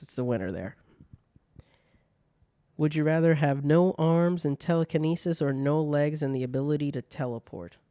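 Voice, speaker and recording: A man's voice: mid-range voice, dark tone, dry recording, studio quality. A young man hosting a solo podcast, telling stories in a casual, profane way. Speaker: podcast host.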